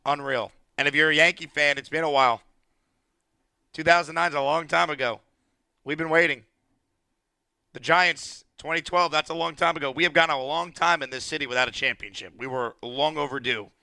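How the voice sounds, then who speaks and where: A man hosting a late-night sports call-in radio show, talking in an excited, emphatic way. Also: a little high, a little fast, gravelly, clean tone, no echo. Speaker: radio sports talk host. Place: radio studio.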